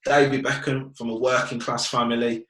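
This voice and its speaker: An earnest male guest speaks frankly at a middling pitch. His voice carries a noticeable room echo. He often checks that his listener follows him. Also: level tone, normal speed, a bit bright. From Birmingham, England. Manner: earnest, frank, keeps asking "do you get what I mean". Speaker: guest, fitness business owner. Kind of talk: casual conversational interview.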